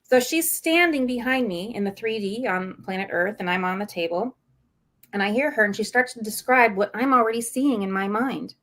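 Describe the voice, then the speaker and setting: Animated woman telling a spiritual story. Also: medium pitch, moderate pace. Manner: animated, acts out quoted voices, laughs often; self-described saucy. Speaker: guest. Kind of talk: storytelling in a podcast interview.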